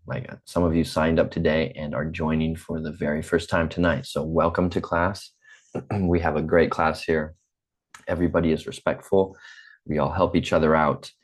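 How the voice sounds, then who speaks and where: A man in his forties with a General American accent, teaching an online English class slowly and patiently, repeating himself, over a computer mic on a video call. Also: deep voice. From United States. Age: 40s.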